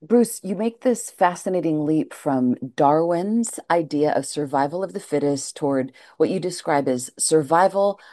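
A woman hosts the conversation, asking her guest long questions with chatty enthusiasm. Her voice sits low for a woman, and it sounds dry and close, with no room echo. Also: darkish tone. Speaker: host. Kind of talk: interview questions.

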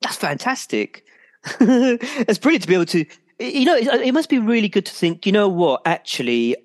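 A man hosting a health talk radio show, chatty and animated, often restarting his sentences. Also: very high-pitched, moderate pace.

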